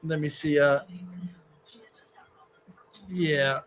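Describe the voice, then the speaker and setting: A man's voice: fairly high pitch, fairly even intonation, drawn-out words. A man hosting a livestream, ranting crudely and rambling about movies, laughing often. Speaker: streamer host. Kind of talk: casual livestream rant.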